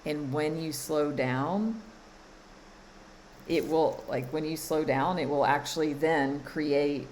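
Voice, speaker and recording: Slow, low-voiced woman coach. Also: a little mellow, slight background noise, low-quality recording. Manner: slow, emphatic, repeats phrases, laughs often. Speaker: spiritual coach and card reader. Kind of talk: live-streamed spiritual guidance.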